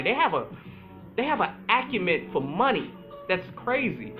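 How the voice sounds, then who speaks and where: Guy doing a solo podcast, pretty high voice, bouncy delivery, tinny phone sound. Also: soft background music. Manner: animated, chatty, playful, drawls some words slowly. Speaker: podcast host, astrologer. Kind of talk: casual solo talk.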